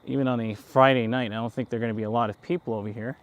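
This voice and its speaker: A man with a slight New York accent chats in a loose, rambling way, with chuckling asides, on a casual walk-and-talk livestream. He speaks at a middling pitch into a handheld phone as he walks outdoors through town streets at night. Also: fairly even intonation, racing. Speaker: livestream host.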